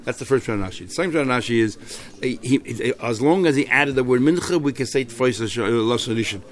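Guy teaching talmud, goes over each phrase again and again, mid pitch. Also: fairly quick. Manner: thinks aloud, repeats phrases, mixes Hebrew terms. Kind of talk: explaining a Talmud text.

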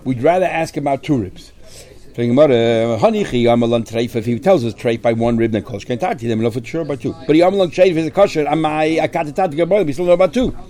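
A man at a middle pitch teaches a Talmud lesson. His voice is soft and mellow, never sharp. He explains each point step by step, mixing Aramaic and Hebrew terms into his English. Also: quick pace. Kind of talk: Talmud study lecture.

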